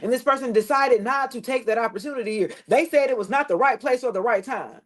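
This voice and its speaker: A woman giving a casual tarot reading to the camera, blunt and preachy, swearing freely and dropping her voice low at times. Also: fast talker. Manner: preachy, blunt and profane, with loose slangy phrasing; drops into a lower tone at times. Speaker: tarot reader.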